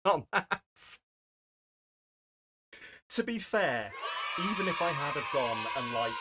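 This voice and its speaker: A man's voice: medium pitch, a bit bright. A young man chatting casually on a charity live stream, rambling and self-deprecating. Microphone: desk microphone.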